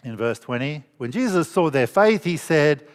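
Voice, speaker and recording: Pastor preaching in a reverberant hall. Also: male voice, on the high side, very animated, moderate pace. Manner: conversational storytelling with rhetorical questions. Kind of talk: sermon.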